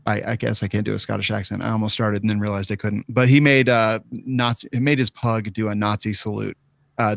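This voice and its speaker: A man's voice: lowish voice, creaky, dry recording, clean studio sound. A man hosting a podcast in casual chat, often laughing and reading sponsor ads. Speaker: podcast host.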